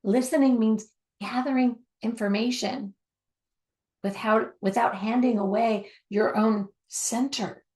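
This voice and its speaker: A woman giving a spoken teaching on communication, emphatic and repetitive for stress, sometimes dropping to a soft near-whisper. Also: a little high, fairly even intonation, a little slow.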